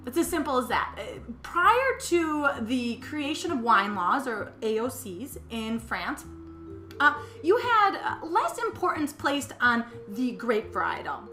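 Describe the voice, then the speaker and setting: Midwestern woman hosting a chatty wine class, fairly high voice, echoey room. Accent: Midwestern American. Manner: chatty, animated, with frequent fillers and restarts. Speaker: wine school owner and teacher. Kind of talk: presenting a wine lesson with slides. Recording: echoey room with faint background noise.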